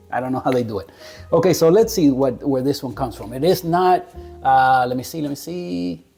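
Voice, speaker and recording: A man talking casually to camera as he reviews a coffee, relaxed, chuckling often and stumbling over unfamiliar names. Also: on the high side.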